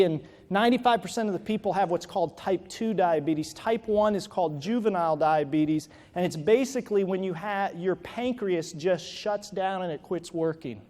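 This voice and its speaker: A man's voice: high-pitched, darkish tone. A man giving a motivational keynote to an audience in a large hall, telling a personal story and then building to emphatic exhortation. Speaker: motivational speaker. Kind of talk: keynote speech. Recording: reverberant hall.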